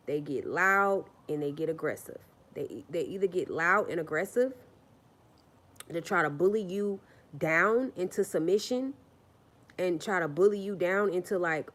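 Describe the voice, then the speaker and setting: A lower-pitched woman talking straight to her viewers on a casual livestream. She is blunt and emphatic and swears freely. She drives each point home by repeating her phrases. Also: a little slow, fairly bright tone. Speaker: livestream host.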